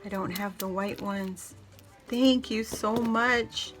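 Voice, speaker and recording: A woman vlogger talking straight to her viewers in a gushing, effusive way, full of little laughs and delighted exclamations. Her voice sits at an ordinary middle pitch, with faint music playing underneath. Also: steady tone, slow pace. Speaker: craft vlogger opening gifts. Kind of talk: casual unboxing chat to camera.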